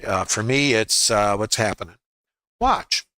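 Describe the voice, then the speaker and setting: A man's voice: fairly low pitch, pushed and bright, dry recording. A man teaching a trading lesson over his charts, firing rhetorical questions in short clipped phrases. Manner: rhetorical, quizzing the listener with quick questions. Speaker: trading educator. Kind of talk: screen-share trading lesson.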